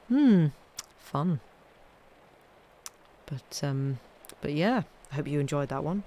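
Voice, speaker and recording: A woman reads classic ghost stories aloud and chats between them in a wry, easygoing way. Her sentences often fade to a quiet murmur at the end. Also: low voice, animated, unhurried, slight background noise. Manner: chatty, wry, trailing off quietly. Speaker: storyteller streaming live readings.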